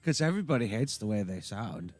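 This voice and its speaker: A man's voice: fairly low pitch, big pitch swings, a little fast, darkish tone, no room sound, soft background music. A man co-hosting a podcast in casual chat, blunt and rambling, swearing freely as he tells stories. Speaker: podcast co-host.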